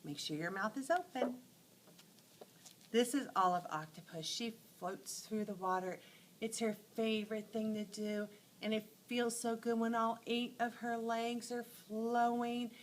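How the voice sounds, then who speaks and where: A woman teacher telling short animal stories to teach letter sounds, acting out each sound with lively expression. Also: a little high, a little slow, a little hiss or hum, low-quality recording. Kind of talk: phonics lesson storytelling.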